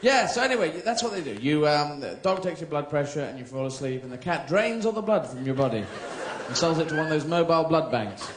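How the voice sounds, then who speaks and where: A man's voice: fairly high pitch, expressive, fast, some chatter behind, a little hiss or hum. A man with a British accent doing a surreal, rambling stand-up routine on a theatre stage, slipping in silly voices. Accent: British English. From England. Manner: rambling, playful, jumps into silly character voices. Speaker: stand-up comedian. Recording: echoey live theatre recording.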